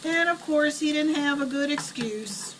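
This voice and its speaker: A middle-aged woman telling blunt, animated family stories while she cooks at home. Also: high-pitched, a little slow. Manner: blunt, chatty, animated retelling. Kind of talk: casual storytelling while cooking. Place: home kitchen. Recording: distant camera mic, noisy kitchen.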